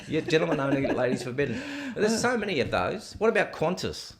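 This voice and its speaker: A man's voice: fairly high pitch, big pitch swings, fairly quick, noisy background. A man hosting a casual podcast interview, talking in a teasing, jokey way. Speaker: podcast host.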